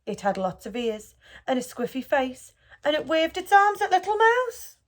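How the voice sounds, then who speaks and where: A woman reading a children's picture book aloud for a school, in a gentle and expressive storytelling manner. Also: high voice, normal speed.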